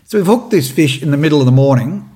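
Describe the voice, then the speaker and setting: An Australian man telling a lively fishing story and giving tips, acting out what others said. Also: fairly high pitch, quick pace. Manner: animated, acts out what others said. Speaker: fishing presenter.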